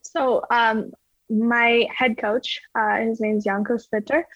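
Speaking slowly, this ski jumper guest chats casually through her interview answers, filling them with "like" and "you know." Her voice is on the high side and fairly bright, with fairly even intonation; the lo-fi recording is slightly dull and echo-free.

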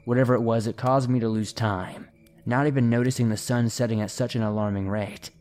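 Dark-voiced man reading horror stories. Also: medium pitch, steady tone, a little fast, soft background music. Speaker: horror story narrator. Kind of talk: scripted narration of listener stories.

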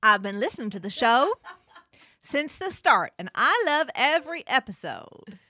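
A woman's voice: on the high side, big pitch swings, a little slow, bright, forceful tone, no echo, clean studio sound, voice pushed up, full character voice. A woman voicing a grateful female listener from Texas, reading her letter aloud in a put-on Texan accent. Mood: cheery.

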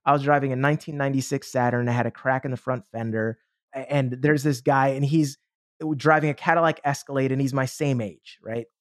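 A man who is a motivational speaker, telling a story as a podcast guest in an animated, enthusiastic way, acting out the dialogue. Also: medium pitch, fairly quick, no echo, studio quality. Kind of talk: casual storytelling.

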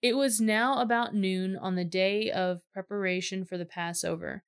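A woman reads a scripture passage aloud. Her voice sits in a middle pitch, and her narration is plain and steady. She keeps the pace even. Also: moderate pace, clear, resonant tone. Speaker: scripture reader. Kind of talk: scripture reading.

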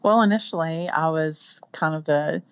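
Low-voiced Texan woman, chatty guest. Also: moderate pace, smooth, dry recording, lo-fi sound. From Texas Panhandle. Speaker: guest author. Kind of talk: casual interview chat.

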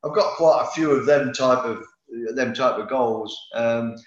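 Speaking a little slowly at medium pitch, a middle-aged man who used to play football spins rambling stories in an informal interview. He restarts sentences and uses many fillers; the audio is roomy and slightly dull.

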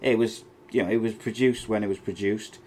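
A man's voice: lowish voice, fairly even intonation, a little fast, a little mellow, slight background noise. A man hosting a casual podcast, reading out listener messages with blunt, mock-offended humour. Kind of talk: casual chat.

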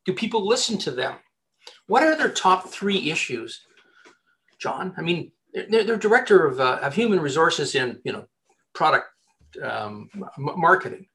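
A man, a headhunter, giving job-hunting advice in a casual interview, talking in an animated way with many restarts. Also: on the high side, moderate pace. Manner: animated, chatty, many restarts and repeated words.

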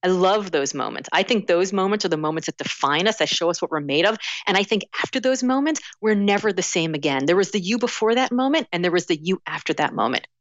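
A middle-aged woman telling lively personal stories as an interview guest, acting out voices with frequent restarts. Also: on the low side, fast, hardly any pauses, no echo. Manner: animated, acts out inner voices, many restarts. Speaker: guest author. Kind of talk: casual interview storytelling. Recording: dull lo-fi sound.

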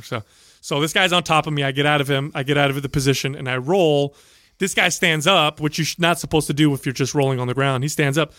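A man telling a story in casual chat, animated and profane, acting out the voices of the people in it. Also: fairly high pitch, brisk, no room sound, studio quality.

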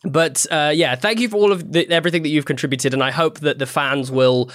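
Higher-voiced man rambling on a podcast. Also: brisk, a bit bright, dry recording, studio quality. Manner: rambling, thinks aloud in long winding sentences. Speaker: podcast co-host. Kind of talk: casual podcast chat.

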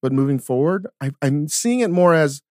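A man co-hosts a podcast from a studio, riffing in a sardonic, foul-mouthed way. He talks at an average pitch. The sound is close and dry. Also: expressive, normal speed, darkish tone, no echo. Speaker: podcast co-host. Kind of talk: casual comedic chat.

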